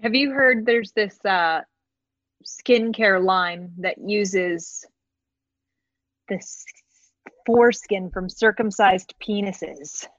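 A woman's voice: medium pitch, drawn-out words, long pauses, a bit bright, dry recording, muffled recording. A woman joining as a podcast guest, joking and teasing in casual chat. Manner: playful, teasing, jokey.

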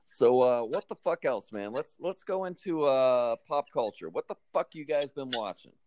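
A man's voice: mid-range voice, animated, moderate pace, dull audio, crowd noise. A man hosting a casual podcast chat, laid-back and swearing freely. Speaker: podcast host.

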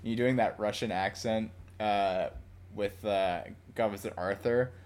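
Low-voiced young man in casual podcast chat. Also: fairly even intonation, a little mellow, clear, resonant tone. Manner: rambling, halting, many restarts and laughs. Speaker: podcast co-host.

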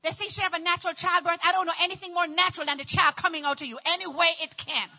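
A woman in middle age telling a personal story in a dramatic, animated way, acting out voices and often shouting. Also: very high voice, racing, highs cut off. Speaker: storyteller recounting childbirth.

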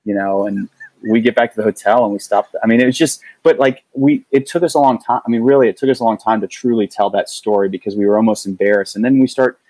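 Earnest, halting man with a low voice. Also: fairly even intonation, darkish tone, dry recording, rough recording. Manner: earnest, halting, with frequent restarts. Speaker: guest. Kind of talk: casual storytelling.

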